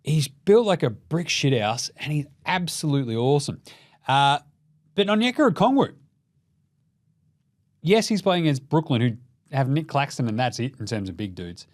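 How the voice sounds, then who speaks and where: A man's voice: medium pitch, sing-song, moderate pace, long pauses. A young Australian man hosting a casual, sweary basketball recap, joking and putting on mock voices of players. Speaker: basketball podcast host.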